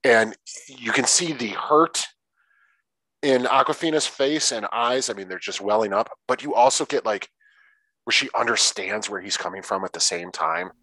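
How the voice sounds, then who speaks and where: A man in a casual film-discussion chat, relaxed and swearing freely, stretching out words for emphasis. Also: mid-range voice, moderate pace, dry recording, poor audio.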